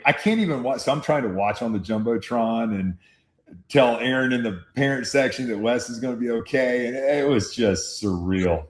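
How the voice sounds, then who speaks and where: A man telling a football story as a guest, animated and laughing, on a phone video call. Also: mid-range voice, reverberant. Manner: animated storyteller, acts out voices in quotes, laughs often.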